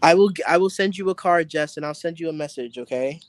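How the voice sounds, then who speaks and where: Guy doing tarot readings live outside, kinda high voice, excitable, cusses casually, talks right to chat. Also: fast, no echo. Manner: excitable, chatty, swears casually, addresses viewers directly. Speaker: psychic tarot reader hosting a live stream. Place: outdoors in bright sun.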